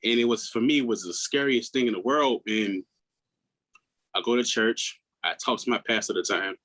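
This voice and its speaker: A man in his thirties, a podcast guest, telling his own story in a candid, earnest way, often restarting his words and acting out what others said in a higher voice. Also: normal speed, a bit bright, poor audio. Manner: acts out quoted people in a raised voice.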